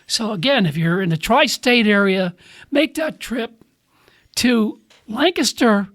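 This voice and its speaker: A man's voice: high voice, lively intonation, a little slow, a bit bright. A man hosting a podcast in a small studio, making playful announcements and thanking his team. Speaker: podcast host. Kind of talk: casual chat.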